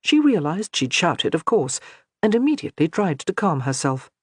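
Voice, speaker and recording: A woman narrating a historical romance audiobook in an expressive storytelling manner. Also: fairly low pitch, moderate pace, breathy edge, dry recording, studio quality.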